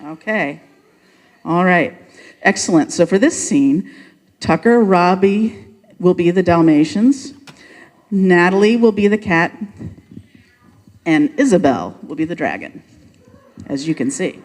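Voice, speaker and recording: An upbeat leader tells the nativity story and cues the congregation for an unrehearsed pageant. The voice is mid-pitched and carries a long reverberant tail from the church sanctuary. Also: animated, unhurried, long pauses. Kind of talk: narrating and directing a church pageant.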